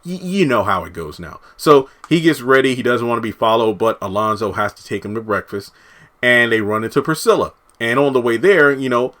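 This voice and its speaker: Casting: male reviewer, bright tone, animated recap style with frequent asides. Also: on the low side, brisk. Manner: animated, talks in asides and acted-out quotes. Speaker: TV show reviewer. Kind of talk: casual recap commentary.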